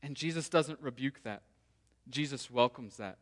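A man's voice: mid-range voice, normal speed. A man preaching a sermon as a pastor, earnest and preacherly, often speaking a believer's prayers aloud. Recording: long reverb of a large hall.

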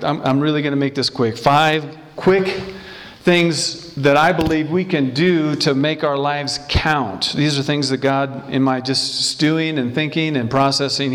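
Man in his sixties preaching emphatically. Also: fairly high pitch. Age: 60s. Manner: emphatic, rhetorical questions, repeats words. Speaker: pastor. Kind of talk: sermon.

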